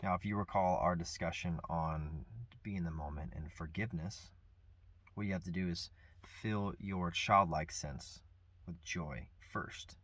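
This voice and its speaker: Low husky man, earnest and reflective. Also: dry recording. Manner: earnest, soft-spoken, reflective with pauses. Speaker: vlogger sharing personal grief. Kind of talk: reflective personal talk.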